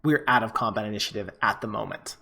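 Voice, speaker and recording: A man's voice: lowish voice, quick pace, creaky, bright, forceful tone. A man narrating as game master of a tabletop game, casual and full of fillers.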